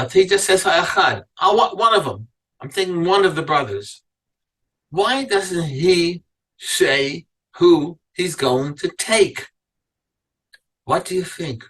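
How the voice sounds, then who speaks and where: Bright, husky-voiced rabbi teaching a class. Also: male voice, high voice, far from the mic, low-quality recording. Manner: reads verses aloud, then asks the class pointed questions. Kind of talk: Torah lecture to a live class.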